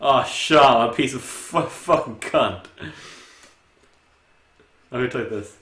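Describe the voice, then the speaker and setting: A man's voice: mid-range voice, takes it slowly, long pauses, fairly bright tone. A young man co-hosting a podcast, swearing and laughing in casual chat. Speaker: podcast co-host. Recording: echoey room, faint noise.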